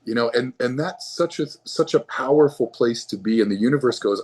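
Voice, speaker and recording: A man with a mid-range, slightly mellow voice speaks briskly as a physician guest in a conversational interview. His manner is earnest, and he often repeats words as he launches into a thought.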